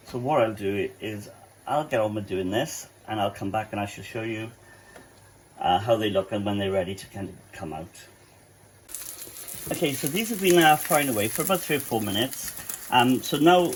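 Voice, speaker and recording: A Welsh-accented man, a cafe cook, hosts a casual cooking demo from his home kitchen, chatting through a recipe full of fillers and asides. His voice sits fairly low. The recording is rough, with a little hiss or hum.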